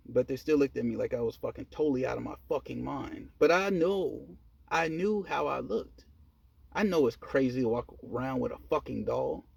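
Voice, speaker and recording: A man telling a personal story in a casual monologue, profane and animated, laughing at himself. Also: mid-range voice, gravelly, slightly rough, no echo. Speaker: storyteller vlogger.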